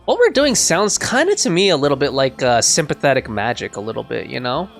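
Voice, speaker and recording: A man's voice: mid-range voice, very animated, a little fast, gravelly, faint music behind. Rambling man commenting on gameplay. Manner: rambling, lots of "like". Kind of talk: casual let's-play commentary.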